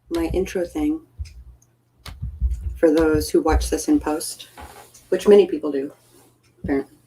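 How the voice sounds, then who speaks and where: Husky, mellow-voiced woman chatting playfully. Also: medium pitch, rough recording. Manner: rambling, playful, self-deprecating. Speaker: livestream host. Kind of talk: casual live-stream chat.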